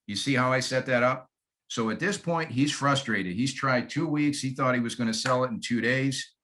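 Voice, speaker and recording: A man's voice: medium pitch, normal speed, bright, forceful tone. Guy training other realtors, folksy and friendly, acts out his calls and repeats the main points, normal mid voice. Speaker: real estate agent coaching other agents. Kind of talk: sales training talk with acted call scripts.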